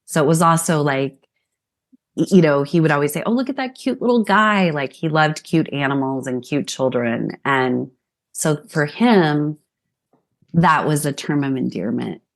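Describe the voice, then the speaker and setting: A woman's voice: deep voice, unhurried. A middle-aged woman therapist, a guest on a podcast, talking reflectively and telling stories from her childhood. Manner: reflective, warm storytelling. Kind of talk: podcast interview conversation.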